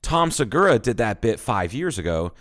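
A man's voice: on the low side, moderate pace. A man from the United States co-hosting a casual comedy podcast, telling stories with lots of swearing and laughter. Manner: animated storyteller, swears freely, laughs often. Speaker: podcast co-host.

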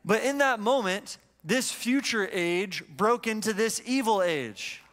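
A man's voice: sits high, lively intonation, slow, fairly bright tone. A young adult man pastor preaching a sermon in a church, telling a story in a conversational way. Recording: church hall reverb.

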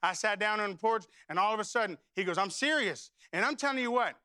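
A middle-aged preacher man with a high, bright voice. He tells stories and then builds to loud, declaring calls. His voice sounds close and dry. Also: expressive, fast talker, no echo. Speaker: pastor. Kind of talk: sermon with storytelling.

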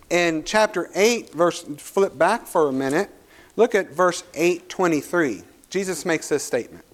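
A male pastor preaching a sermon, reading scripture aloud and building to emphatic points. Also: sits high.

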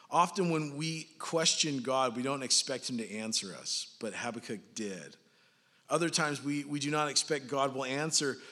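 A man's voice: medium pitch, pushed and bright. A man preaching a sermon in a casual, joking way, often checking in with "right?" and "like". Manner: jokey, conversational, often adds "right?" and "like". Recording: long hall reverb.

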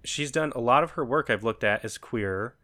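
A man hosting a podcast, chatting and telling stories in a relaxed way. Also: mid-range voice, normal speed. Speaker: podcast host. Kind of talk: casual podcast chat.

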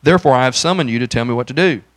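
A man teaching a Bible study, reading the passage aloud before unpacking it in plain, conversational words. He keeps asking his listeners rhetorical questions and grows more forceful as he retells the prophet's rebuke. The voice is mid-pitched and recorded dry and close to the mic. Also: very fast, dry recording. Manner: reads scripture aloud, then explains it conversationally with rhetorical questions; paraphrases Samuel with rising intensity.

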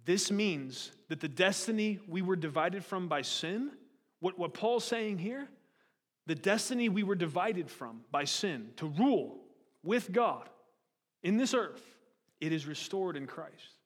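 A man preaching with a fairly high voice, rising and pressing as he throws rhetorical questions at his listeners. His sermon rings through a church hall with a long reverb tail. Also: expressive, measured pace. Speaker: pastor.

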